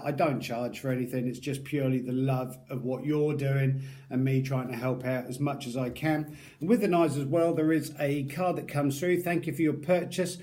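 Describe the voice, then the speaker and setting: A man's voice: medium pitch, warm tone. A man talking casually to camera as a product reviewer, chatty and self-deprecating, rambling between asides.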